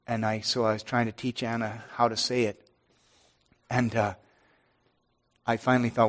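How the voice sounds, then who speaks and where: A middle-aged pastor speaking earnestly and haltingly to his congregation, with many restarts. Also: mid-range voice, little pitch movement. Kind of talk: informal devotional talk to a congregation.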